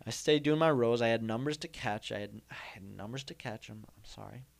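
A man's voice: mid-range voice, a little fast, vocal fry. A young man telling a comic story in a rambling monologue, repeating himself and making mock-indignant asides. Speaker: comedian host.

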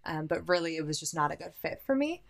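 A woman's voice: low-pitched, big pitch swings, quick pace, creaky. A woman, chatting as an interview guest, talking freely about her career with ums and light laughter. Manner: chatty and self-aware, with frequent ums and laughs. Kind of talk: casual conversational interview.

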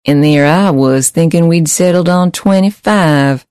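Nasal, mocking male pimp, read by a man, mellow dry audiobook voice. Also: fairly high pitch, a little slow, clear, resonant tone, dry recording, natural voice. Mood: smug mocking. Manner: sly and mocking. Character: nasal, smug male pimp speaking through a bot.

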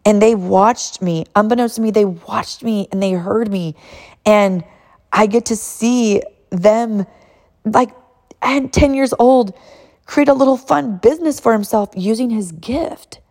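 A mother in her thirties telling an animated, emotional family story and encouraging other mothers, laughing often. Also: fairly high pitch, unhurried.

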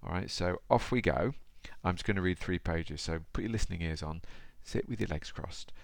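A male podcast host speaks chattily and directly to his listener in an easygoing, conversational manner, offering motivational talk along with a storybook reading. His very low voice is rough with fry, delivered at a moderate pace, and the recording is dry and close.

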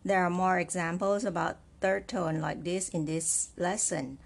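Woman teacher, slow unhurried lesson, fairly low voice, patient step-by-step explaining, repeats each example. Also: steady tone, creaky. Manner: checks in with "right?". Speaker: Chinese language teacher.

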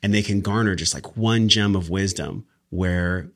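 A man's voice: low voice, a little slow. A man hosting a podcast, speaking in a reflective, motivational way. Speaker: podcast host. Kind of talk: casual podcast conversation.

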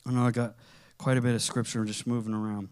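A man preaching a sermon in a conversational, animated way, with casual slang as he tells stories. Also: medium pitch, quick pace, smooth.

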